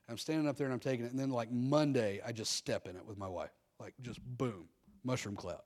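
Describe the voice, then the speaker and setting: Quick-paced, with a medium pitch and darkish tone, this middle-aged pastor delivers a sermon built on frank personal stories. He keeps drawing amens from the congregation in call-and-response style.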